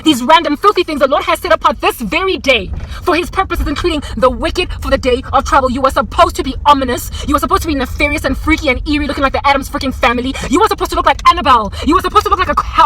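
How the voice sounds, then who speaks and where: A young woman with a South African accent rants to camera in a fervent, preachy and sarcastic way, dropping Sotho phrases as she goes. Her voice sits high and sounds bright and sharp, and she rattles along quickly. Faint traffic hums in the background. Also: poor audio. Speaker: vlogger. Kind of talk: impassioned monologue to camera.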